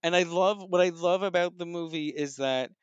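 A man talking through the plays and films he has just seen, in a smooth, resonant voice and a relaxed, measured way. He pauses often with ums and starts his sentences over. The sound is close and dry. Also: high voice, no room sound, dull audio. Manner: thoughtful, with frequent ums and restarts. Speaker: theater and film critic. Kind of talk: casual review chat.

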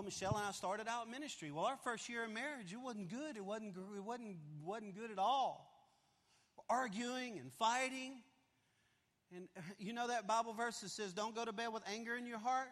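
A man in his fifties preaches to a large church congregation, telling a personal story with animated swings between loud outbursts and hushed, confessional moments. His voice sits high for a man, and a long hall reverb trails every phrase. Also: moderate pace. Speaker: pastor. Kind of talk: storytelling sermon.

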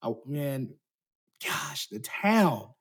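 A man's voice: mid-range voice, wildly swooping pitch, extremely slow, over a noisy crowd. A man chatting casually about a movie as podcast co-host, with rambling, slangy talk. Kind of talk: casual movie review chat.

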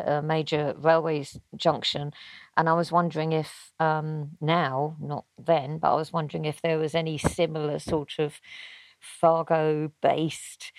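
A woman's voice: low voice, a little mellow, no echo. An American woman in a casual chat, searching for her words as she talks. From United States.

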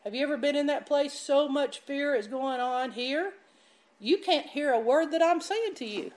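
A woman preaching a sermon, emphatic and animated as she tells stories. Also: high-pitched, normal speed. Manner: animated, emphatic, laughs while telling stories. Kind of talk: sermon with storytelling.

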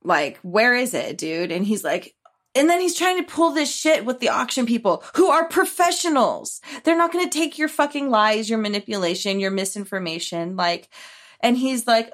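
A woman co-hosting a podcast, casually recapping a film in a rambling, animated way, quoting characters and swearing freely. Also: fairly high pitch, moderate pace. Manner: rambling, animated retelling with quoted voices and swearing. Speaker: podcast co-host.

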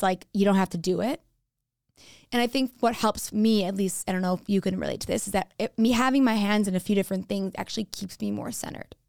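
A woman's voice: medium pitch, gravelly, darkish tone, smooth, no echo. A young adult woman hosting her own podcast, talking candidly and casually as she thinks aloud into a studio mic. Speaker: podcast host. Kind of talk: solo podcast monologue. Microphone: studio mic with headphones.

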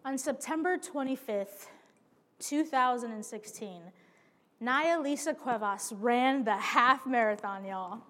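High-voiced woman preaching in a hall. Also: takes it slowly. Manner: animated storytelling, addresses listeners as y'all and friends. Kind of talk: sermon with personal story. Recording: long hall reverb.

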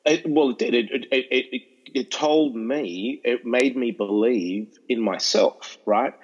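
Australian man telling lively stories. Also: medium pitch, slow, husky, muffled recording. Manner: animated, repeats and restarts, acts out voices in anecdotes. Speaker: educational speaker to students. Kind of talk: storytelling interview chat.

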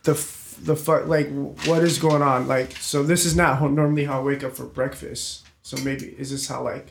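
A man's voice: medium pitch, little pitch movement, normal speed, gravelly, slight background noise. A man telling a rambling, swear-laced story in a casual chat with friends, full of restarts. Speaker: storyteller on a group podcast. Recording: roomy echo.

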